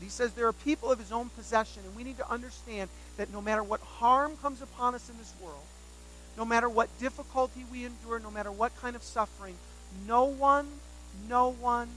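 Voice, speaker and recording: A man delivers a sermon in a high, bright and sharp voice. He leans on repetition to drive points home. He slips into animated, self-mocking storytelling. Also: slight background noise, rough recording. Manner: emphatic, repeats key phrases for weight. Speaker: pastor.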